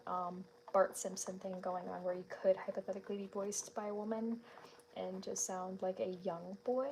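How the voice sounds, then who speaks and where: Woman streamer, casual chat while drawing, mid-pitched, chatty and giggly, held-back volume, home at night. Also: a little mellow, slight background noise. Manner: chatty, laughs often, greets viewers; keeps her voice down so her family is not disturbed. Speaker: art streamer.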